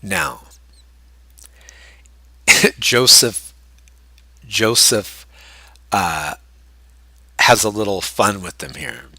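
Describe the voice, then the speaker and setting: Forceful man leading a Bible study. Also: sits low, very slow, long pauses, no room sound. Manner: animated asides, chuckles while explaining. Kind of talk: reading scripture with casual commentary.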